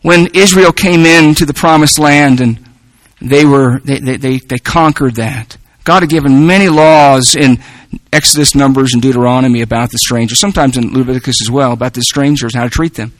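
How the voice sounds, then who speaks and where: A man's voice: medium pitch, brisk, dry recording, low-quality recording. A man preaching a sermon in an earnest way, often repeating words as he works toward a point.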